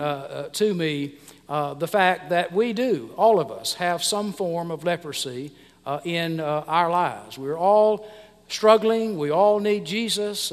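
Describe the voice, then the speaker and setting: A middle-aged American pastor preaches in a somewhat high voice, pausing often on fillers and restarting his phrases. His words ring out with the long reverb of a large hall. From United States. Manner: halting, many "uh" fillers and restarts. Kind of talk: sermon.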